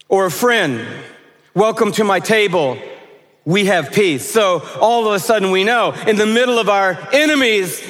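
A man preaching a conference sermon, playful and animated, rising and dropping his voice for emphasis. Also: high-pitched. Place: large conference hall stage. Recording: long hall reverb.

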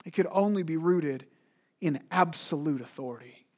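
A man delivers a sermon in a fairly high, husky voice. He preaches emphatically, firing rhetorical questions and often stumbling over repeated words as he pushes his point. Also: normal speed, darkish tone. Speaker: pastor.

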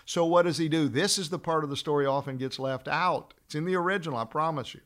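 A folksy trial lawyer gives a casual storytelling lesson about courtroom argument. His voice sits fairly high for a man. He talks in an animated way and often trails off and starts his sentences again. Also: fast talker, few pauses.

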